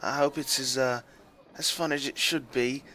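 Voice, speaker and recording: A man playing a kindly older senator from a tabletop game. She speaks softly and politely with a slight hesitation, in a bright voice raised above his own. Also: mid-range voice, steady tone, moderate pace, a little hiss or hum, voice pushed up, lightly acted. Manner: soft, polite, a little hesitant. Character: gentle older human woman senator.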